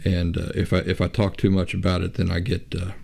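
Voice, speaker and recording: A man hosting his own show, talking in a reflective, unhurried way with frequent restarts and pauses. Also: deep voice, monotone, vocal fry, darkish tone. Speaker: podcast host. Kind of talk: reflective casual talk.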